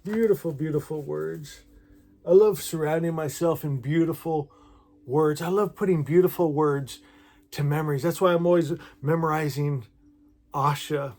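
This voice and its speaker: A man talking warmly to his viewers and reading devotional poems aloud in a gentle, emotional, effusive way. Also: a little high, normal speed. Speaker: spiritual vlogger. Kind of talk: heartfelt talk and poetry reading to viewers.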